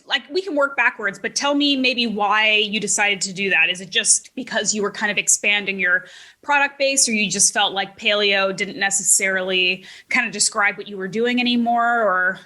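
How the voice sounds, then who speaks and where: A woman's voice: medium pitch, moderate pace, bright, forceful tone. A woman hosting a podcast, chatting casually and upbeat with plenty of fillers. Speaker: podcast host.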